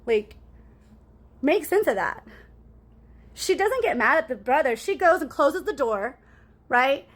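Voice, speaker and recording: A woman's voice: high voice, sing-song, a little slow, pauses often. A woman in a casual storytime monologue, rambling and cussing as she talks to her viewers and keeps asking "right?".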